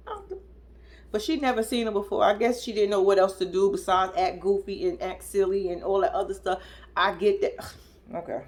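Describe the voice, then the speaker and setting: A young adult woman giving casual, profane reaction commentary on a TV episode, incredulous and animated, often mimicking people in high squeals. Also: moderate pace. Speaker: reality TV commentator.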